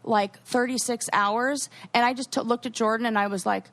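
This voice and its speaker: A young woman co-hosting a podcast, telling animated stories in casual chat with quoted asides. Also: on the high side, moderate pace. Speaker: podcast co-host.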